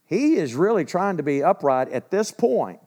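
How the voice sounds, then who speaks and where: A man teaching from the Bible in a relaxed, conversational way, often clearing his throat and asking the listeners questions. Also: fairly high pitch, normal speed.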